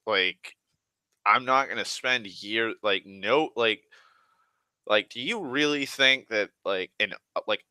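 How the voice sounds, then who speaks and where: Young male host, deep but crisp-edged voice, rambling profane monologue. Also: pushed and bright, no echo. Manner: rambling, full of "like", restarts and swearing. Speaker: online show host.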